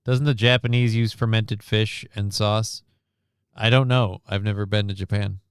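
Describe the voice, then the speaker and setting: A man's voice: on the low side, fairly even intonation, moderate pace, clean tone, no room sound, studio quality. A man streaming casual reaction commentary on a news clip, sarcastic and rambling, reading chat comments aloud.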